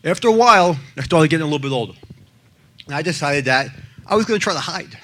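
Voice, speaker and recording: A man's voice: a little high, expressive, fast. Blunt man giving testimony. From the Bronx, New York. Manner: blunt and emphatic, swinging between loud and hushed. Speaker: abuse survivor and advocate speaker. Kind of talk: personal testimony.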